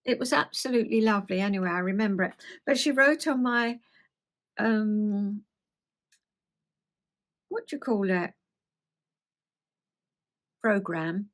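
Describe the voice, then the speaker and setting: A woman's voice: mid-range voice, unhurried, long pauses. Older woman, 70s, London accent. Memoir read-aloud with rambling chatty asides, self-deprecating. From South East England. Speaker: host.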